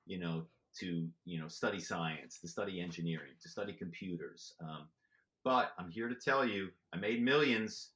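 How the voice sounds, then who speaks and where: A man with a bright, forceful tone tells stories as a podcast guest. His delivery is lively and chatty, full of "you know"s. The room adds a noticeable echo. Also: low-pitched, moderate pace. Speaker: podcast guest, former corporate spy. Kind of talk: animated storytelling.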